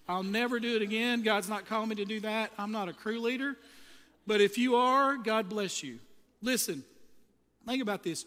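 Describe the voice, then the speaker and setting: A man's voice: high-pitched, sharp tone. A male pastor preaching to church volunteers, telling funny, folksy stories with emphatic delivery. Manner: humorous storytelling, folksy and emphatic. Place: church sanctuary. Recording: long hall reverb.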